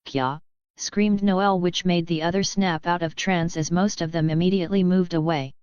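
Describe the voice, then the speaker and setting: Smooth, mechanical-sounding female narrator. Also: fairly low pitch, normal speed, no room sound. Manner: even, mechanical reading, even asterisks read aloud. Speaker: audiobook narrator. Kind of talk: synthetic-sounding webnovel narration. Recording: dry, slightly dull lo-fi audio.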